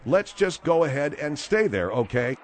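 A male radio host moderating a heated call-in debate in a calm, refereeing way. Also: on the high side, moderate pace, crowd noise.

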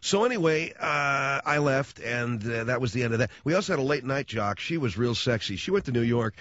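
A man's voice: medium pitch, lively intonation, brisk, a bit bright, no echo. A middle-aged man hosting radio, telling rambling stories in slangy casual talk and often slipping into voices. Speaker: radio host. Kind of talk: casual storytelling monologue. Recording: dull lo-fi, dry radio sound.

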